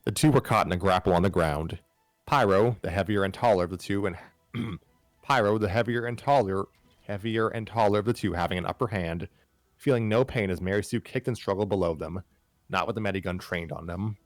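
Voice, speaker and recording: A man's voice: deep voice, brisk, dry recording, soft background music. A man hosting a live stream, reading a fan story aloud with frequent stumbles, restarts and wry asides.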